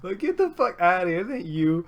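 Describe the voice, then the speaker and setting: A man hosting a casual podcast, telling stories in an excitable, animated way. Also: sits high, a little fast, highs cut off. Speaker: podcast host.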